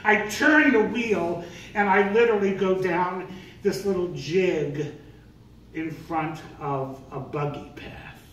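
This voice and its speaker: An older man telling a comic story live on stage, animated and self-mocking, acting out voices. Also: sits high, slow, muffled recording. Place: live event venue on stage. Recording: echoey room, distant, noisy.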